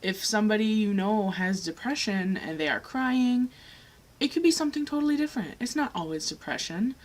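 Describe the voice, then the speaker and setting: A woman's voice: mid-range voice, expressive, brisk, low-quality recording. A young woman talking frankly to camera in a personal vlog, earnest and blunt, with occasional swearing. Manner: frank, earnest, swears, rising heat when making a point. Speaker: vlogger.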